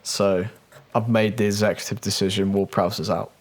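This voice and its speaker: A man's voice: on the low side, little pitch movement, normal speed. An English man co-hosting a football podcast, talking casually and decisively, reading out lists. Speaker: podcast co-host. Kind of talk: casual chat.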